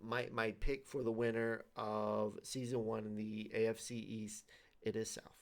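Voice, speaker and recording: A man's voice: on the low side, little pitch movement, measured pace. A man hosting a league show, giving his predictions in loose, repetitive casual talk with many fillers and restarts.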